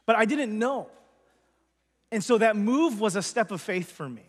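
A man's voice: high voice, expressive, normal speed. A male pastor telling his personal testimony to a congregation in an earnest, conversational way. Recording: long hall reverb.

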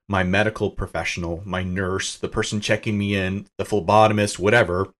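A middle-aged man with a fairly low voice tells a personal story as a podcast guest. He is casual and amused, and his voice leaps upward whenever he acts out what someone said. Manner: animated and self-amused, voice jumping up for quoted lines. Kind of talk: conversational storytelling.

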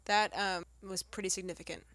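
A woman co-hosting a casual movie review chat, telling stories with lively asides and acting out her own reactions. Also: a little fast, dry recording. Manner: animated storyteller, quotes herself in a higher voice. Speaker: podcast co-host.

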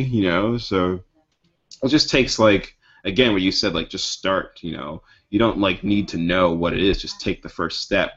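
A man's voice: deep voice, normal speed, a bit bright, slightly rough. A man, an actor and writer, chatting casually on a podcast and acting out comic scenes with many fillers. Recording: muffled lo-fi podcast audio.

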